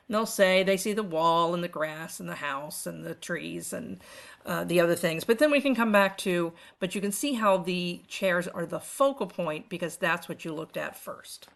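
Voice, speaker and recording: A middle-aged woman teaching art, her voice bright and a touch low. She explains step by step and poses questions to the listener, in clear instructional narration. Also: moderate pace.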